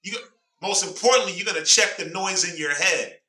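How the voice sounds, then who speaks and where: A man's voice: sits high, brisk, bright, forceful tone. A man leading a Bible class with call-and-response, emphatic and preachy, prompting a reader along. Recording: roomy sound from a distant mic.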